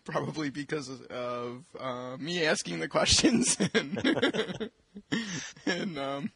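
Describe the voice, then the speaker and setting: A man's voice: a little high, takes it slowly, gravelly, sharp tone, husky, no echo. A man co-hosting an education podcast, talking casually and chattily with plenty of ums. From Michigan, US. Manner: chatty, self-deprecating, fillers. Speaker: podcast co-host, school administrator. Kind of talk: casual chat. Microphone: desk microphone.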